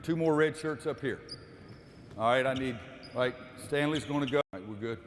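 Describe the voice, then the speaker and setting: A man's voice: mid-range voice, brisk, slight background noise. A man running a basketball coaching clinic, calling out cues during drills and explaining the defense to the audience. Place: gym. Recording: echoey gym with long reverb.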